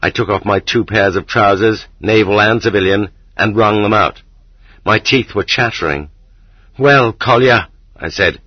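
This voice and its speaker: A man reading a first-person story aloud as an audiobook, in a steady, measured manner. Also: fairly low pitch, husky, dry recording. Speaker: audiobook narrator. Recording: slightly dull lo-fi recording.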